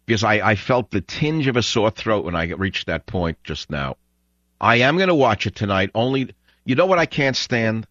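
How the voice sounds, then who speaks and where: Brief: combative male talk radio host, sarcastic, swooping expressive delivery, dry dull lo-fi sound. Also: fairly low pitch, normal speed, no room sound.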